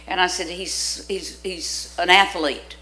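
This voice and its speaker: An older woman guest-preaches in a church sanctuary, her lowish voice pushed and bright with fairly even intonation, taking it slowly on poor audio. She tells stories energetically in her sermon, acting out the voices she quotes and laughing often.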